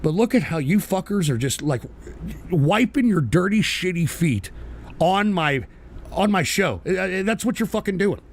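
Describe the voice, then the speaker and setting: A male radio host ranting live at trolls in his chat, swearing and yelling, then sighing to calm himself. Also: high voice, normal speed. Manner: swings between fury and sighing calm. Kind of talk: live call-in style radio rant.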